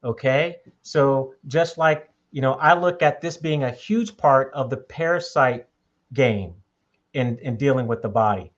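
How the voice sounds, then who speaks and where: A man's voice: medium pitch, measured pace, muffled recording. A man talking in a casual podcast conversation, making his points emphatically and checking in with "okay?". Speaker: podcast host.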